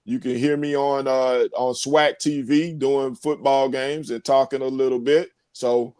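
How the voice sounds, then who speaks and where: A man's voice: medium pitch, steady tone, a little slow, darkish tone, smooth, no echo, clean studio sound. A man appearing as a guest on a sports talk show, chatting in a friendly way and saying "man" and "y'all" a lot. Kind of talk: casual interview chat.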